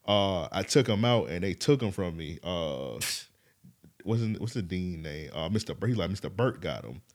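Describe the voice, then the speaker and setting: A man with a somewhat low voice tells a story on a podcast, loose and animated. He laughs often and swears without a filter. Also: normal speed. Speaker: podcast co-host. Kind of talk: casual storytelling chat.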